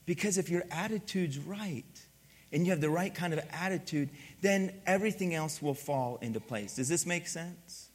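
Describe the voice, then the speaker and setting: A middle-aged man preaching a sermon as pastor, telling stories with lively acted-out dialogue. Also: on the high side, moderate pace, husky. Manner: animated storytelling, acts out dialogue.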